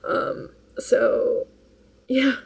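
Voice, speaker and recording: A woman's voice: very slow, poor audio. A woman chatting casually on a vlog late at night, tired, rambling and laughing often as she tells stories. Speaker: vlogger. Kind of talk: casual chat.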